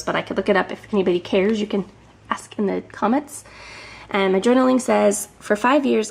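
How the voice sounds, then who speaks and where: A woman's voice: medium pitch, vocal fry, a little mellow. Slightly breathless woman chatting casually. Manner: chatty, with frequent ums and some whispered asides. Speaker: scrapbooking vlogger. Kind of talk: casual show-and-tell narration.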